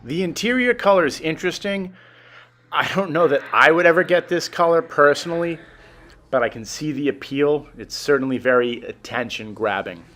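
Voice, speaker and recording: A man's voice: a little high, normal speed, fairly bright tone. A man giving an enthusiastic, chatty walkthrough of a car dealership showroom. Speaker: car vlogger. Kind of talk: casual walkthrough narration.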